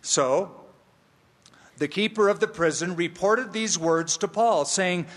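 Slow, emphatic preacher in a reverberant hall. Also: male voice, sits high. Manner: slow, emphatic, with playful asides. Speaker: pastor. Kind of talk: expository sermon.

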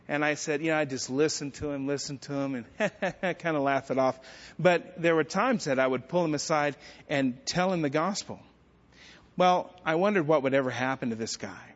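A man's voice: fairly high pitch, moderate pace. Self-deprecating man preaching in echoey hall. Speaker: pastor. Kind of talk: sermon. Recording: dull sound with long church-hall reverb.

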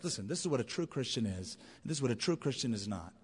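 A man's voice: medium pitch, lively intonation, fast, few pauses, slightly rough. A man preaching a sermon as a pastor, in a conversational, emphatic way with anecdotes. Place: large church auditorium. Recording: long reverb of a large hall.

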